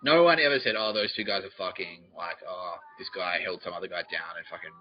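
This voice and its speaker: A man's voice: sits low, fast. A man hosting a podcast, telling a rambling comic story full of swearing, laughing often and mimicking other people. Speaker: podcast host. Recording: dull lo-fi sound, faint music behind.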